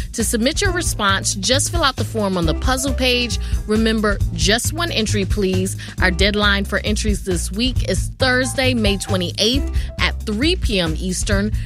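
A woman hosting a radio program, speaking in an upbeat, encouraging way. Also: mid-range voice. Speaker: radio host.

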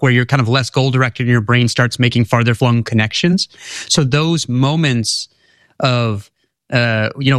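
An articulate male author being interviewed, telling stories and explaining ideas at an even middle pitch. His voice is recorded close and dry. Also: dry recording. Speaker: author and guest. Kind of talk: conversational interview.

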